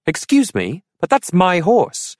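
A man's voice: mid-range voice, expressive, normal speed, no echo, clean studio sound, voice pushed up, close to an everyday voice. A man voicing a young, earnest Arthur who protests when wronged, in a storybook reading. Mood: indignant. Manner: earnest, indignant. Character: young eager male squire-king Arthur.

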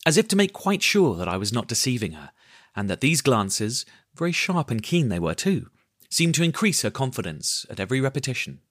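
Expressive man narrating a storybook. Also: medium pitch, fairly quick, no echo, clean studio sound.

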